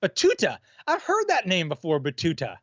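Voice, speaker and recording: High-voiced man telling stories casually. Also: wildly swooping pitch, moderate pace, a bit bright, breathy edge, no echo, highs cut off. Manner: laid-back, swears, laughs often. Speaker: co-host of a live stream. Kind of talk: casual storytelling chat.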